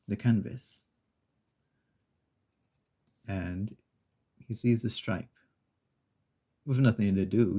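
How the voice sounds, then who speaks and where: Speaking slowly and with pauses, a man hosting ASMR content wanders through a children's story. His voice is low-leaning, gravelly, and breathy.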